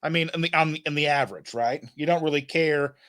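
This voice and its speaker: Male podcast host, slightly high voice, loose and rambling, lots of "like" and restarts. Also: fast talker, a bit bright. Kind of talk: casual chat.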